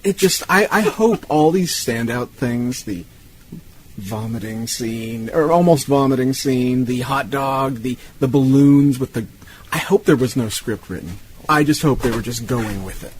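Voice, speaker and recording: A man co-hosts a casual film podcast, chiming in with relaxed, detail-filled remarks. His voice sits at an ordinary male pitch, with a faint hiss in the background. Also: unhurried. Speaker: podcast co-host. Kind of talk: casual film-review chat.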